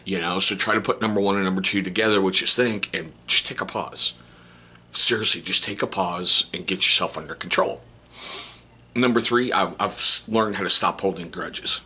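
Husky, bright-toned man in his forties. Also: sits low, normal speed. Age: 40s. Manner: candid and joking, with teasing asides and repeated rhetorical questions. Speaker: vlogger. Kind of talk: casual self-help talk to camera.

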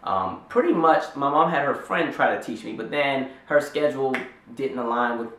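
A young man talks through a rambling, animated storytime in a mid-pitched voice. He fills his sentences with "like" and speaks in a roomy space where his voice echoes off the walls. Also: normal speed, slight background noise. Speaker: vlogger. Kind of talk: storytime vlog.

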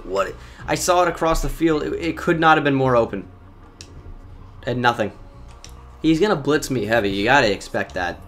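A young man giving live commentary on his own football video game, excitable and talkative, jumping from loud outbursts to muttered complaints about his players. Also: medium pitch. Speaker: gaming YouTuber.

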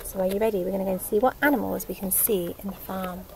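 A woman with an English accent, a nursery teacher reading a picture book aloud to young children in a sing-song, animated way, outdoors in a garden. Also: mid-range voice, quick pace, gravelly, few pauses, poor audio. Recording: faint outdoor noise with chickens.

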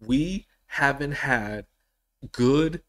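A man hosts a solo sports podcast in an unhurried, drawn-out way. He rambles, restarts his sentences and breaks into animated bursts of excitement. His voice sits at an ordinary mid pitch. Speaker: podcast host.

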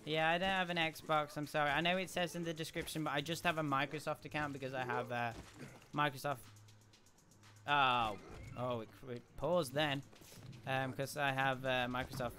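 A young British man live-streaming a video game, shouting excitedly during fights and mumbling while reading chat. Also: mid-range voice, moderate pace. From United Kingdom. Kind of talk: live gaming stream commentary.

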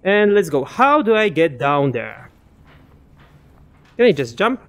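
A man's voice: a little high, sing-song, slow. A young man giving casual let's-play commentary, chatting to enemies and muttering asides to himself. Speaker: gaming commentator.

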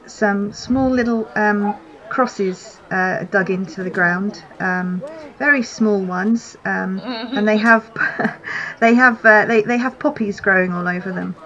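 Slow-talking woman game master. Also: mid-range voice, fairly bright tone, dull audio. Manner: unhurried, many fillers. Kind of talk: narrating a tabletop game.

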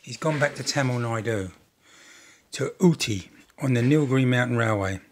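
A man's voice: mid-range voice, normal speed, a little hiss or hum. An older man chatting casually as he narrates building a model railway kit, rambling and self-deprecating.

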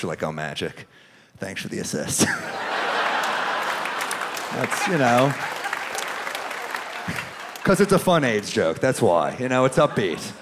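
A man from New York doing a stand-up comedy set with a dry, deadpan delivery, dropping into lower voices for the people he quotes. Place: comedy club stage before a live audience. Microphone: handheld stage microphone. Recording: live club recording with crowd noise. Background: audience laughter and club ambience.

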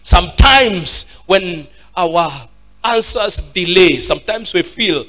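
High-voiced, bright preaching pastor. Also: male voice, lively intonation, slow pace, soft background music. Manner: repetitive, rising into sung preaching cadence. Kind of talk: sermon.

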